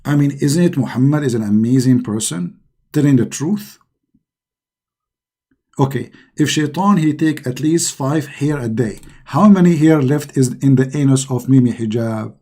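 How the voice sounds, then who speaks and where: A middle-aged man talks through a scoffing monologue, heavy with sarcasm and loose, non-native grammar. His voice sits low in brightness, mellow and a little husky. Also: normal speed. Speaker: online commentator. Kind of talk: mocking religious-critique monologue.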